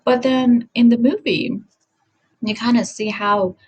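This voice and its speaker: A woman's voice: fairly high pitch, steady tone, unhurried, darkish tone, highs cut off, slight background noise. A woman talking in a casual commentary vlog, rambling and self-correcting, often apologizing, recorded on a home setup. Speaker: vlogger.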